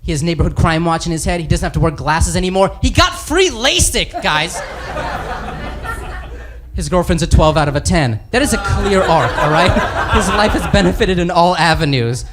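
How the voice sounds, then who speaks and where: A male stand-up comedian doing a lively, animated set, speaking in quick bursts. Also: sits high, crowd noise. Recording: noisy live club recording.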